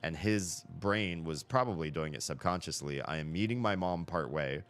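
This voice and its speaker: Man, very low voice, casual live-stream chat, rambling self-corrections, faint music behind. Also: normal speed, a bit bright. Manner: rambling, thinks aloud, frequent self-corrections. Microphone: headset.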